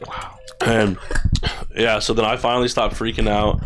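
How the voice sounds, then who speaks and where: A man's voice: on the low side, flat delivery, moderate pace, noisy background. Young man telling a story, casual and swearing. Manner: casual, swears a lot, says "bro" and "dude". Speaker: podcast guest. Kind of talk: emotional storytelling. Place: podcast studio.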